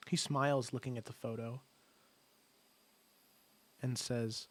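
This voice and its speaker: A man narrating a tabletop game as game master in slow, descriptive sentences. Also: mid-range voice, fairly even intonation.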